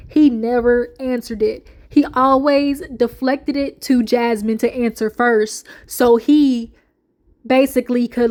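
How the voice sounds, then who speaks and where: Woman, high-pitched voice, animated storyteller, quotes people in their voices. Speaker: reality TV recapper. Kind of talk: casual chat, retelling with acted quotes.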